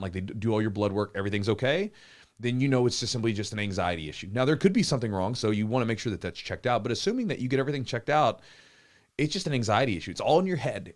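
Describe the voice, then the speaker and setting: A man in his thirties hosting a live podcast Q&A, chatting casually and telling stories with lively acted-out quotes. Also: lowish voice. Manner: animated storyteller, acts out quotes, swears casually. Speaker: podcast host and jiu-jitsu coach.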